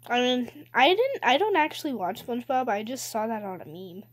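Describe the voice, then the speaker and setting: A woman's voice: on the high side, sing-song, a little fast. A woman giving playful, rambling commentary while playing a video game, breaking into giggles, squeals and cheers. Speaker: gaming video host. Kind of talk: playful live gameplay commentary.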